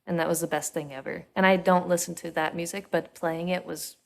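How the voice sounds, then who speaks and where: A woman's voice: lowish voice, fairly even intonation, brisk, vocal fry. A woman musician talking as a podcast guest in candid, laid-back chat. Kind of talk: casual interview chat.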